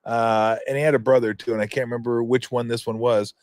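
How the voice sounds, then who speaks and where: A man's voice: mid-range voice, steady tone, quick pace, darkish tone, no room sound, clean studio sound. A man in his fifties hosting a sports talk show, commenting in a rambling, joking, profane way. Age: 50s.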